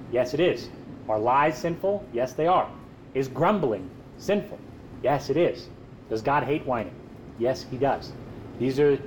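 A man's voice: medium pitch, slight background noise. A man preaching a sermon in an emphatic way, posing rhetorical questions and answering them himself.

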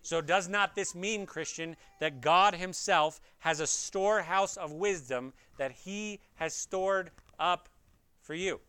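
A man with a high, bright, forceful voice preaches slowly and earnestly, working through an expository sermon. He turns rhetorical questions on his audience and speaks to them directly. The tone is clean, with no echo.

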